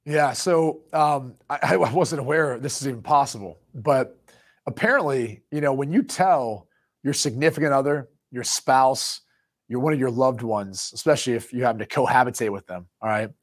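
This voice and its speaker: A man's voice: medium pitch, moderate pace. A man in his thirties co-hosting a sports talk show, telling a rambling story in casual chat and laughing mid-sentence. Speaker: co-host.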